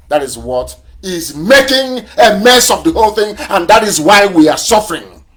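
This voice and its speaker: A man's voice: high-pitched, lively intonation, fairly quick, a bit bright. A man giving a fiery live broadcast address as a movement leader, full of repetition and rhetorical questions. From southeastern Nigeria.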